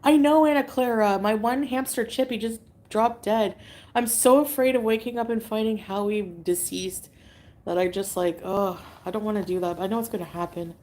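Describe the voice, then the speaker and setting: A woman's voice: medium pitch, normal speed, a little mellow. A woman from Canada chatting casually on a livestream, reading out viewer comments, giggly and drifting between topics.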